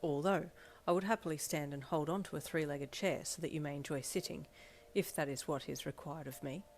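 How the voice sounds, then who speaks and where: A woman's voice: low voice, fairly quick, a little mellow. A woman voicing a formal, earnest young male student who speaks stiffly and politely.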